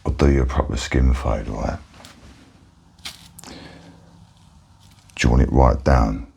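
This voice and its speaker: Cockney man, whispered role-play barber, very deep, gravelly, husky, soft and matey. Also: steady tone, slow, slight background noise. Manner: soft-spoken, chatty, matey. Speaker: barber in ASMR roleplay.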